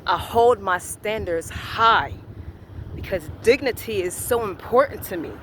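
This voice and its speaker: A man with a notably high voice delivers a spiritual affirmation monologue at an unhurried pace. He talks earnestly and repeats his phrases. Wind and outdoor ambience run loudly behind him. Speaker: motivational vlogger.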